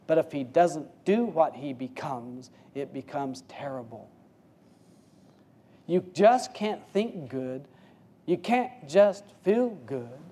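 Here a man teaches as a spiritual speaker in a casual, expressive sermon, folksy and full of rhetorical questions. His delivery shifts between soft, low passages and raised, faster ones.

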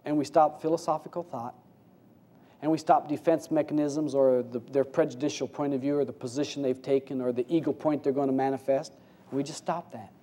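A man teaching as a spiritual speaker in an informal sermon, folksy and full of rhetorical questions, swinging between hushed low passages and raised, quicker ones. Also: steady tone.

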